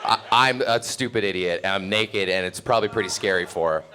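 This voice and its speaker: A man's voice: low-pitched, a little fast, pushed and bright, a little hiss or hum. Rambling young man telling a story. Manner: rambling, self-mocking, laughing through the story. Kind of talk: live comedic storytelling.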